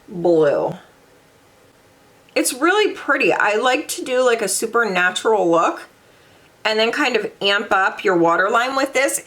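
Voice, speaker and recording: A woman's voice: medium pitch, fairly bright tone. A young woman vlogging casual makeup reviews, chatty and gushing, with dramatic sighs and emphasis. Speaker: beauty vlogger.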